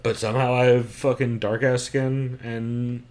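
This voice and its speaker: A man's voice: medium pitch, flat delivery, a little slow, darkish tone. A man co-hosting a fight podcast in loose, profane chat, laughing often and steering the talk back on topic. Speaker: podcast co-host. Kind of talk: casual chat.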